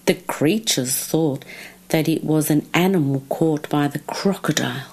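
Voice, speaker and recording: Slow, expressive woman storyteller. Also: low voice. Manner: slow, expressive, drawn-out phrasing. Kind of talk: children's story reading.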